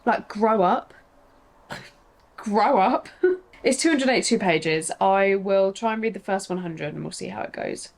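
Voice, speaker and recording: A woman's voice: medium pitch, animated, normal speed, gravelly. A young woman chatting casually in a reading vlog, ranting in an exasperated way and asking rhetorical questions. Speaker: book vlogger.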